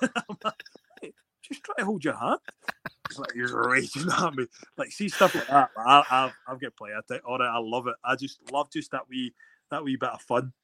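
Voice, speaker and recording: Bright-voiced rambling Scottish man. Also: mid-range voice, brisk. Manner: rambling storyteller with many restarts. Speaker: guest rugby player. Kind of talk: casual interview chat.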